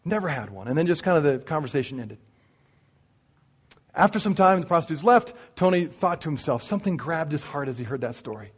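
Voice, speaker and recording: Guy preaching a sermon, husky and kinda high, animated storytelling. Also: brisk. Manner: animated storyteller speaking straight to the congregation. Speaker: pastor.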